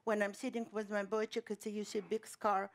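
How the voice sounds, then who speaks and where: A woman acting a middle-aged mother who survived a pogrom, speaking in a halting stage monologue full of restarts and repeated words. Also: medium pitch, flat delivery, background noise, natural voice. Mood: wistful. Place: theater stage.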